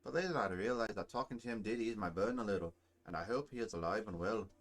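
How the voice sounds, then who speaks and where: A man's voice: fairly low pitch, quick pace, soft background music, lightly acted. A man voicing a grim, bitter male dwarf soldier in a put-on Scottish accent, blunt and gloomy. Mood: wistful.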